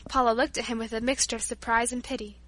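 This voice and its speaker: A woman narrating an audiobook chapter with a measured, storytelling delivery. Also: fairly high pitch, level tone, fairly bright tone, no echo.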